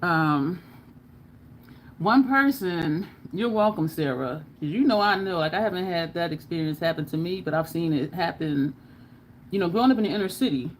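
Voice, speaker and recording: American woman, beauty livestream host, rambling chat with viewers, lower voice. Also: animated, moderate pace, slight background noise. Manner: chatty, rambling, talks straight to viewers as y'all. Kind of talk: casual live stream chat with viewers. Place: home makeup setup under bright lights.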